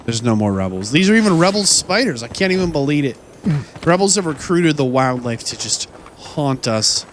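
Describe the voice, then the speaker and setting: Male gameplay host, slightly high voice, mock-outraged theatrical ranting, desk mic, soft noise underneath. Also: very animated, moderate pace. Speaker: let's play host. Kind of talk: gameplay commentary.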